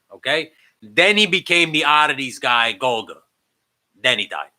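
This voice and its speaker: Profane, bright-voiced podcast host. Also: male voice, mid-range voice, poor audio. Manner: profane, animated storytelling. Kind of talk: casual comedic chat. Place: remote podcast setup.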